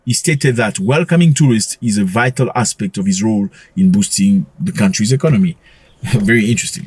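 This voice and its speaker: A man hosting a casual commentary vlog, talking in an animated way, full of rhetorical questions and quick chuckles. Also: on the low side, slightly rough, no room sound. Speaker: commentary channel host.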